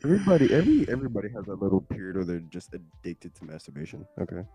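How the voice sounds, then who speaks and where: Young guy w a low voice, teasing n animated, pitch jumps all over, faint music. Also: very fast, breathy edge. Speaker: friend in group chat. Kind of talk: casual chat.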